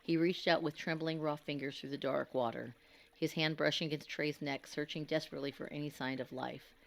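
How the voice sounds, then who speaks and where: A woman with a notably low voice narrates a scripted horror story. She reads in a grave, measured way and leans on the dramatic moments. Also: fairly even intonation, creaky.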